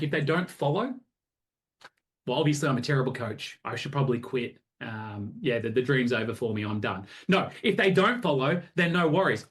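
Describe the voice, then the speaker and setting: A man coaching a group over a video call, energetic and acting out both sides of conversations. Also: a little high. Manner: energetic, animated, acts out both sides of chats. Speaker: sales coach.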